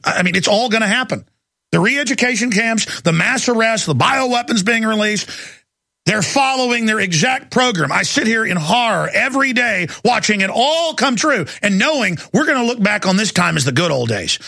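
Gravelly man in a sarcastic rant. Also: high voice, sharp tone, no echo, studio quality. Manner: angry, sarcastic ranting. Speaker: talk show host. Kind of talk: ranting talk show monologue.

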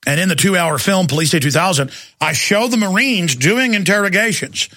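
Radio host guy ranting sarcastically, kinda high-pitched and forceful. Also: expressive, brisk, no echo, clean studio sound. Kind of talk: talk radio monologue.

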